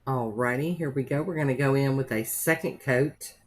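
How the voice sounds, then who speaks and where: A woman's voice: a bass voice, moderate pace. Chatty woman doing a nail tutorial. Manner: chatty, rambling, homey asides. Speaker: nail art vlogger. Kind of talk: casual tutorial narration.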